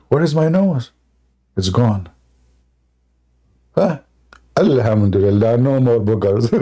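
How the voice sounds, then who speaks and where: Man, debate host, dark gravelly voice, mocking and jokey, non-native English. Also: lowish voice. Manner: sarcastic, joking, laughs at his own jokes. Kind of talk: mocking live debate monologue.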